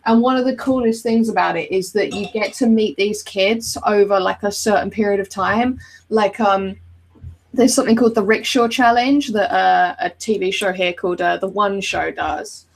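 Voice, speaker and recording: A woman's voice: medium pitch, normal speed, creaky, low-quality recording. A woman chatting casually on a podcast, rambling with lots of ums. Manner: rambling, many ums and likes. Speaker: podcast co-host. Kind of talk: casual chat.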